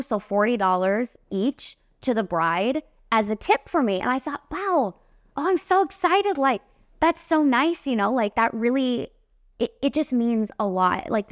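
A young woman in her twenties, a makeup artist hosting a podcast, telling a story in a casual, animated, emphatic way. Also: medium pitch, dry recording, studio quality.

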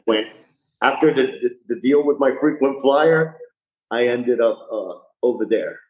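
A man's voice: medium pitch, a little slow, darkish tone, dull audio. A man in his forties, a fire rescue lieutenant, candidly retelling his story in a chatty podcast interview. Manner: candid, chatty retelling with frequent "you know". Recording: roomy echo.

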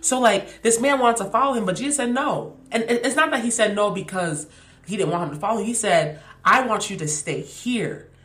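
Heartfelt young woman, voice going hoarse. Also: on the high side, brisk. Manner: animated, heartfelt, emphatic with slang. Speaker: podcast host. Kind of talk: casual devotional reflection.

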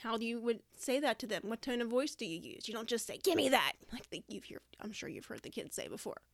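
High-voiced woman giving teaching tips. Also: expressive, quick pace, dry recording, clean studio sound. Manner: direct, practical, demonstrates phrases aloud. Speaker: teacher giving classroom advice. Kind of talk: podcast-style teaching talk.

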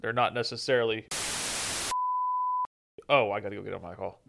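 A man's voice: lowish voice, normal speed, gravelly, noisy background. A man hosting a casual podcast, joking and sarcastic as he chats. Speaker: podcast host and immigration lawyer.

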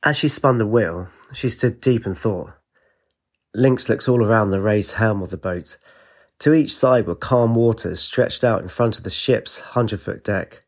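Low-voiced audiobook narrator. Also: male voice, measured pace. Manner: steady storytelling.

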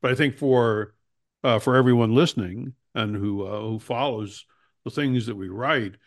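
A man's voice: mid-range voice, moderate pace. A man hosting a talk show, chatting casually about politics with wry jokes. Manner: wry, joking.

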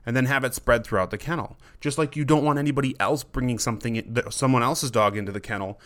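A man with an ordinary mid-range voice hosts a relaxed advice podcast as a dog trainer. He talks in a loose, conversational way, restarting phrases and voicing a dog's inner thoughts in quotes. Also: mid-range voice, quick pace.

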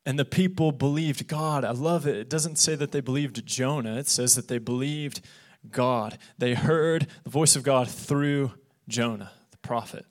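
A young man, a youth pastor, preaching an earnest, animated sermon and acting out the voices he quotes. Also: mid-range voice, measured pace. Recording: podcast of a live church sermon.

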